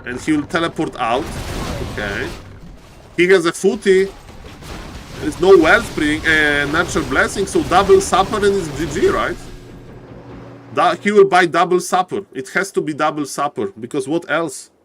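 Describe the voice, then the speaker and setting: A man casting a strategy game live on stream, excitable and chatty, often shouting with excitement and thanking viewers by name. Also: moderate pace, soft background music. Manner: excitable, repeats "ladies and gentlemen", bursts into high-pitched shouts. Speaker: game caster. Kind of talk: live-streamed esports commentary.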